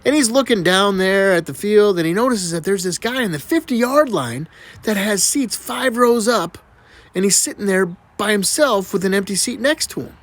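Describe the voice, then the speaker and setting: A man telling dirty jokes as an animated, swooping storyteller. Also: high voice, normal speed. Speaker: comedian.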